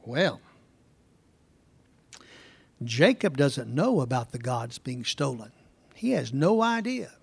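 A man's voice: medium pitch, big pitch swings, a little slow, vocal fry, darkish tone, husky. A man preaching verse by verse, explaining the passage in a conversational way and asking his listeners rhetorical questions. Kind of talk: verse-by-verse Bible teaching.

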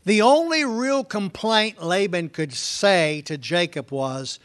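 High-voiced man teaching scripture. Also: lively intonation, slow, hardly any pauses, fairly bright tone. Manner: conversational, asks the listeners rhetorical questions. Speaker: preacher. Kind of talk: verse-by-verse Bible teaching.

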